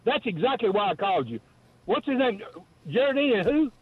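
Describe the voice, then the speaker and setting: A man's voice: extremely high pitch, very animated, brisk, slightly rough, no room sound. A man calling in to a sports radio show, rambling and jokey, stammering over his words, heard on a tinny phone line. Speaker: regular caller. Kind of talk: call-in chat.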